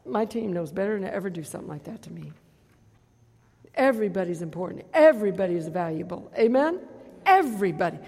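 A woman pastor preaching a sermon, calling out for amens and swinging between loud and hushed delivery. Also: medium pitch, lively intonation, fast talker, breathy edge, in a large hall.

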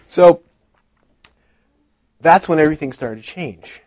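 A man in his thirties giving a personal faith testimony, dropping to a hush and rising loud again, laughing at himself as he tells the story. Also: fairly high pitch, expressive, unhurried, long pauses, no echo. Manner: swings from hushed to loud, laughing, self-deprecating storytelling.

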